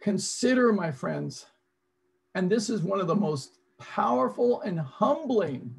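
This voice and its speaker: A man's voice: sits high, animated, unhurried, gravelly, slightly rough. A man presenting an interactive online seminar over a video call, coaching his audience and repeating his prompts.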